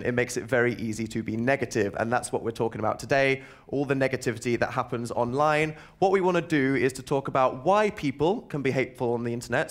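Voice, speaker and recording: A young British man hosting a casual radio panel talk, relaxed and quick to laugh. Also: mid-range voice. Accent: British English. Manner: relaxed, laughs between lines. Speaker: host.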